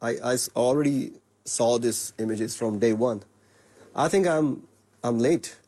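A man from Punjab with a Punjabi accent, a singer answering interview questions in a halting, earnest way with many fillers. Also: medium pitch, dark tone.

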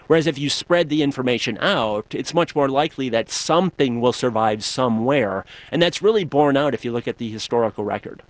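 A man's voice: mid-range voice, expressive, fairly quick, few pauses, no echo. Male guest author, thoughtful explainer, dry studio. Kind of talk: radio interview.

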